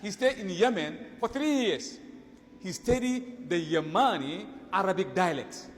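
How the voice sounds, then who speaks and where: A man telling a story in a sermon, with animated delivery that rises and drops for the people he quotes. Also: sits high, unhurried, big-room sound, slight background noise. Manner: animated storytelling, voice rising and dropping for quoted speech. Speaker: preacher.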